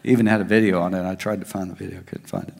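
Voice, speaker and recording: A male pastor preaching a sermon, swinging between raised emphasis and soft, hushed asides. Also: deep voice, steady tone, rapid-fire, vocal fry. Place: large church hall. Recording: long hall reverb.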